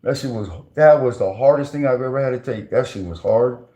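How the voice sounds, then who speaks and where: A man's voice: mid-range voice, a little fast, dark tone. Slangy, rambling man. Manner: slangy, rambling, many restarts and fillers. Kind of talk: casual storytelling.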